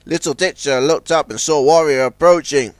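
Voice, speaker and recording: A man narrating a children's storybook in a scripted, expressive reading. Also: on the high side, normal speed, no echo.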